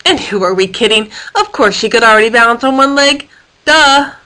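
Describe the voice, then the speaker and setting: A woman reading a children's story aloud in a playful, expressive manner. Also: a little high, a little fast, low-quality recording. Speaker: storyteller for a homeschool course. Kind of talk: storybook read-aloud narration.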